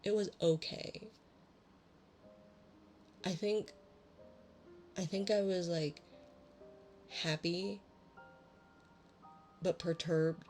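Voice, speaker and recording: A young woman streaming ASMR, rambling casually between storybook passages in a soft-spoken, self-deprecating way. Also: sits low.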